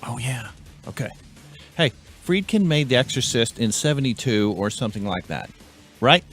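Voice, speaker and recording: Bright-voiced rambling man host. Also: mid-range voice, expressive, moderate pace, soft background music. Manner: rambling, stumbles over names. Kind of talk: casual chat.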